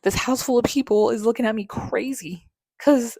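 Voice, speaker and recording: A woman's voice: mid-range voice, steady tone, a little fast, darkish tone, no echo. A young woman hosting a podcast, frankly and emotionally retelling a hard personal story with plenty of swearing. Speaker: podcast host.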